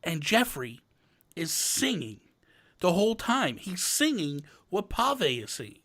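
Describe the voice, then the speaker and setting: Bright-voiced animated man telling stories. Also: high-pitched, measured pace. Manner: animated storyteller, acts out quotes. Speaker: podcast host. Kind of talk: casual chat.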